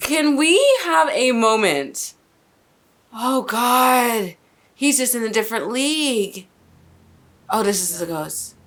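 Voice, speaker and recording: A woman's voice: on the high side, animated, slow, long pauses, a bit bright. A woman hosting an anime reaction, reacting live with stunned questions, exclamations and free swearing.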